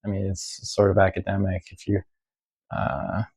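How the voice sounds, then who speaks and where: Low gravelly guy, talks real slow, lots of ums, just thinking out loud. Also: completely flat delivery, rough recording. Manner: slow, hesitant, many ums and uhs. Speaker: violinist vlogger. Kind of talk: casual musing monologue.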